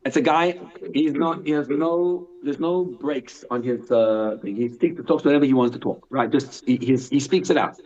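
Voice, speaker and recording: A man, a rabbi, teaching a live Torah class in an animated way, asking and answering his own questions and reading Hebrew text aloud. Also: medium pitch, moderate pace. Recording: dull lo-fi sound.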